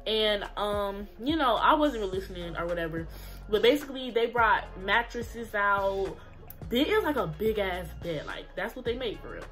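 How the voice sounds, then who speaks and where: A woman's voice: medium pitch, moderate pace. Young woman, storytime vlogger, salty slang-heavy chat, faint music under her. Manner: profane, slangy, animated storytelling. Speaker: YouTuber telling a story. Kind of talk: casual storytime vlog.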